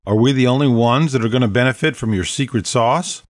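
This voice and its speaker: In a clean studio recording with no room sound, a man voices a mouthy vampire heckler who cuts in with sarcastic, challenging questions. His mid-range voice runs a little fast, pitched above his own natural voice but still close to an everyday one.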